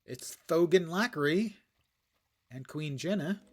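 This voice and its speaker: A man's voice: fairly high pitch, animated, measured pace. A man streaming an online game, making wry, joking asides about his loot and the story as he plays. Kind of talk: casual gameplay commentary. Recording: streamed voice over game music.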